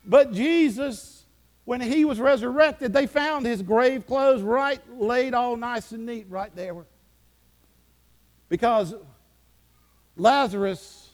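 A man preaching a sermon fervently, his voice rising and falling in pitch and loudness. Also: slow, long pauses. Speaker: pastor.

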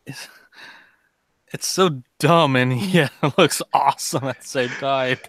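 Bright-voiced excitable podcast man. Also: mid-range voice, takes it slowly, dry recording. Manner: excitable, laughs often. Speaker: podcast co-host. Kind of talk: casual chat.

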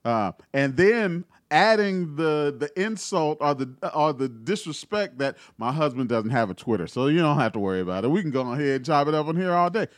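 A man's voice: a little high, lively intonation, a little fast, hardly any pauses, no echo, clean studio sound. A man co-hosting a casual chat show, reading posts aloud with joking asides. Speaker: podcast co-host.

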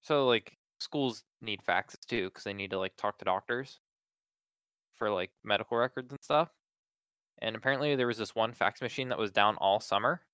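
A laid-back man with a low, smooth, resonant voice. He chats casually, peppering his sentences with "like". The sound is dry and close. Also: moderate pace, a bit bright, no echo. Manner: laid-back, heavy use of "like". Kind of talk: casual chat.

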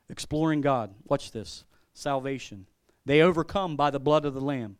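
Smooth and mid-range, the man speaks at a normal speed. He's a pastor delivering a sermon with his personal testimony, chatting informally, repeating words, laughing and acting out what others said.

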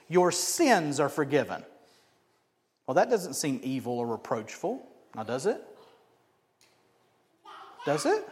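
Animated male pastor in an echoey hall. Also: sits high. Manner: animated, asks the congregation questions. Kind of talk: sermon.

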